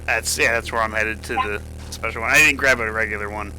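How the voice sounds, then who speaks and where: A man's voice: on the low side, fairly quick, slight background noise. A man playing a survival game with friends, chatting casually and narrating what he does in the game. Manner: lively, laughs easily, narrates his own gameplay. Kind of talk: casual gaming chat.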